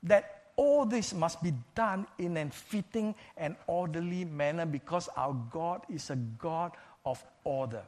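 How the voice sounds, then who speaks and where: A man delivers a sermon in a measured, emphatic way. He leans on repetition, saying key phrases twice for weight. His voice sits a little higher than most men's. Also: darkish tone. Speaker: preacher.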